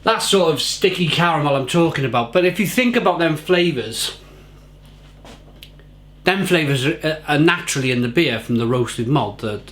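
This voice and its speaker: A man's voice: fairly high pitch, animated, moderate pace, a bit bright, a little hiss or hum. A man reviewing a beer to camera, effusive and rambling, repeating words for emphasis.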